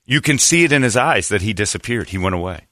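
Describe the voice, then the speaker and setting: A man's voice: on the low side, quick pace, no room sound, clean studio sound. A man hosting a radio show, telling a story in casual chat and acting out the people he quotes. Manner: animated storyteller, acts out quoted voices.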